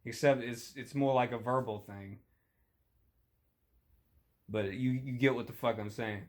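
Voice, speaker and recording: Young man, crude deadpan rant host, swears constantly, mid-pitched voice, flares up loud now and then. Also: measured pace. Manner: crude, profane, deadpan rambling with sudden shouty outbursts. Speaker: comedic monologue host. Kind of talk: rambling comedic rant.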